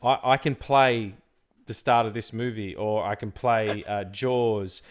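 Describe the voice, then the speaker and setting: A man's voice: fairly low pitch, steady tone, a little slow. A man in his forties on a podcast, talking about a favorite film in a rambling, enthusiastic way full of restarts. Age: 40s. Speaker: podcast co-host. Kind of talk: casual film chat.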